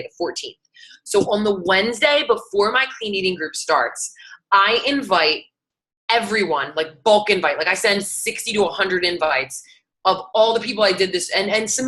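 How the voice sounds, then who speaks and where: A young woman coach talks quickly and brightly, walking fellow coaches through her routine. Her voice sits a little low, but the delivery is chatty and loose. She often restarts sentences as she goes. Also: poor audio. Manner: chatty, conversational, restarts often and acts out sample messages. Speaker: fitness coach teaching other coaches. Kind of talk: casual instructional talk.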